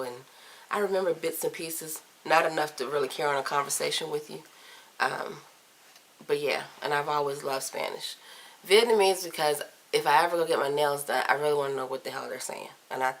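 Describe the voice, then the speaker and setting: A vlogger in her thirties from Virginia chats casually through a list of tag questions, recorded on a camcorder mic. Her voice is low-pitched, and she's candid and playful, often letting her sentences trail off softly.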